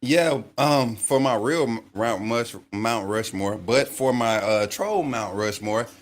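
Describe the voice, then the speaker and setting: A man's voice: mid-range voice, slow. A man, a coach, co-hosting a sports talk show, rambling loosely with many fillers. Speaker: podcast co-host, coach.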